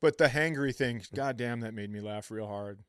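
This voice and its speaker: A man's voice: mid-range voice, normal speed, smooth, no room sound, clean studio sound. A man co-hosting a comedy podcast, telling a story in casual chat, laughing often and swearing freely. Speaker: podcast co-host.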